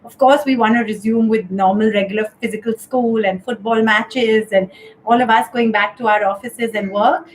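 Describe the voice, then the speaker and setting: A woman's voice: a little high, fairly even intonation, moderate pace, slight background noise, low-quality recording. A woman hosting a casual live-stream chat show from home, talking in a chatty way with many fillers. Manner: chatty, lots of "you know" and "um". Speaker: host of a live talk show. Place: home during lockdown.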